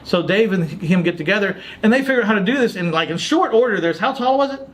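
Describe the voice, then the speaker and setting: A podcast host tells a story in a casual chat, animatedly acting out and quoting other people's dialogue. His voice is high-pitched and fast.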